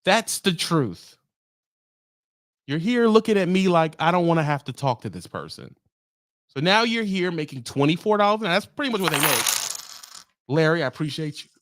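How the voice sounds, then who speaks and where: A man's voice: on the high side, no echo, clean studio sound. A man ranting in a vlog, a truck driver speaking in a profane, heated, sarcastic way. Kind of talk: ranting monologue.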